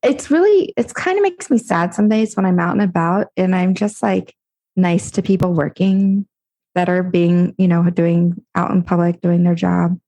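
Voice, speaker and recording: A woman guest on a podcast, telling stories in a chatty, animated way. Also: lowish voice, moderate pace. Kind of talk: casual chat.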